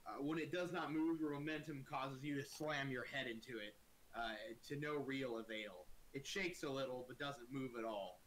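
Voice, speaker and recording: A man's voice: mid-range voice, moderate pace, a bit bright, slight background noise, rough recording. Casual male game master. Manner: casual, profane narration with filler words. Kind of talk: narrating a tabletop game.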